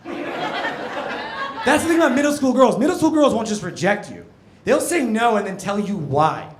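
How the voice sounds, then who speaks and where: A man around forty from New Jersey doing a stand-up comedy set on a club stage, an animated storyteller who leaps to loud punchlines. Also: high-pitched, moderate pace, some chatter behind. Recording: roomy club sound with noise.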